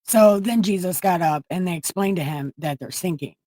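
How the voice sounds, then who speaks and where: A woman with a somewhat low voice hosts a casual livestream from a room at home. She retells scripture with profanity and jokes, rambling as she goes. The sound is dry and close. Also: normal speed, dark tone, no echo. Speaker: livestream host. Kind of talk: irreverent casual Bible retelling.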